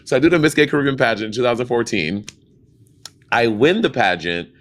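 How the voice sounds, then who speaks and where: A man's voice: medium pitch, lively intonation, brisk, fairly bright tone. A man from Saint Lucia co-hosting a podcast, chatting casually with lots of fillers. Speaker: podcast co-host. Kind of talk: casual chat.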